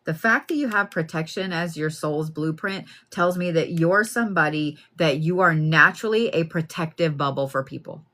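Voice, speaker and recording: A woman giving a card reading in a chatty, plain-spoken way, full of animated asides. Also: deep voice, moderate pace, few pauses. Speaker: card reader.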